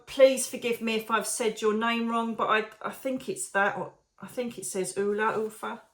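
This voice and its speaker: A woman from the UK hosting her psychic medium show, chatting warmly to viewers, digressing often and calling them darling. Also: on the high side. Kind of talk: casual chat to viewers.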